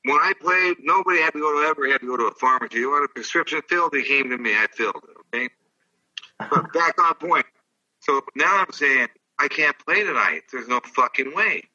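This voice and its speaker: A man's voice: a little high, lively intonation, fairly quick, sharp tone, recorded from a distance, muffled recording. An older man, a former ballplayer, telling rambling, profane stories in casual chat. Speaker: guest, former baseball player. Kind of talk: casual storytelling.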